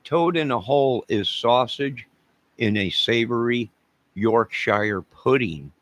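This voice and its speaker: A man's voice: mid-range voice, slow, fairly bright tone. An older man hosting a casual livestream, rambling and joking as he reads viewers' chat aloud. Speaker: livestream host reading chat.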